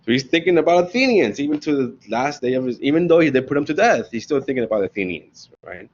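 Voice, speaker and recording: A professor gives a casual classroom lecture, telling the story in slangy, animated bits and often asking "right?". His mid-range voice moves fast, and the audio sounds dull.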